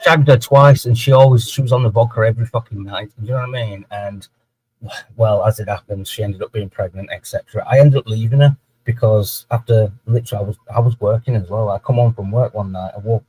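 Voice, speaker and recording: A young man in casual chat on a call, telling a personal story with plenty of swearing. His voice sits a little low and comes out husky and a touch breathy. He talks candidly and unguarded. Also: fairly even intonation, fairly quick, darkish tone, dry recording, poor audio. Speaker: livestream guest.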